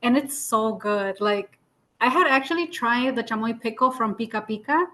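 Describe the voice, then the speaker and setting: A woman's voice: a little high, lively intonation, moderate pace, sharp tone. Light-voiced woman sharing funny stories. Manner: laughing anecdotes with Spanish words and fillers. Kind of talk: casual chat.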